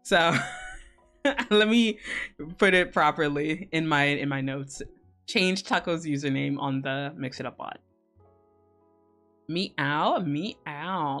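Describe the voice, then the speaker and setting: Woman streamer, lowish voice, teasing and foul-mouthed, laughs a lot, faint music underneath. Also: unhurried, a bit bright. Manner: giggly, teasing and profane, greets viewers by name. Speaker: streamer hosting a co-working stream. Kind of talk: casual live-stream chat with viewers.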